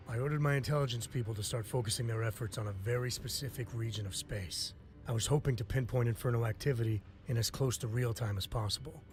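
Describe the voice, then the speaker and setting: An actor playing a calm male intelligence commander giving a formal briefing in a game. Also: medium pitch, close to an everyday voice. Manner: measured, formal briefing delivery. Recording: game audio with faint music.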